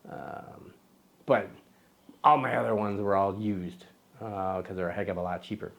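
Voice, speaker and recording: Chatty low-voiced man hosting a vlog. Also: normal speed, vocal fry, fairly bright tone. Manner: chatty and self-deprecating, with many fillers and restarts. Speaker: photography vlog host. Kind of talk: casual rambling talk to camera.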